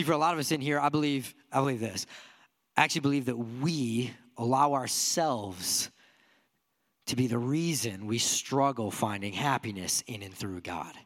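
A pastor preaches to his church congregation in an earnest, conversational manner, peppering his listeners with rhetorical questions. His voice is medium-pitched and fairly bright, trailing off into a long reverb tail.

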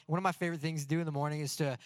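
Pastor, male, 30s; slightly higher voice, dry close sound, animated sermon delivery with rhetorical questions. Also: rapid-fire, dry recording. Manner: lively storytelling with rhetorical questions.

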